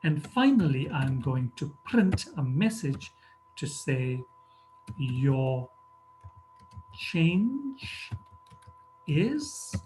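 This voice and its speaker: A man's voice: mid-range voice, darkish tone, slight background noise. A man teaching a programming lesson, talking methodically through each step as he types. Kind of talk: screen-recorded coding tutorial. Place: at a computer, narrating over a screen recording.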